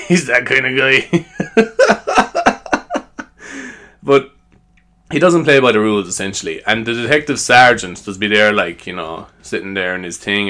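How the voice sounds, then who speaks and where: Tired, rambling Irish podcast host. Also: male voice, fairly low pitch, bright, forceful tone. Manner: rambling, chatty, laughs at himself, tags "you know".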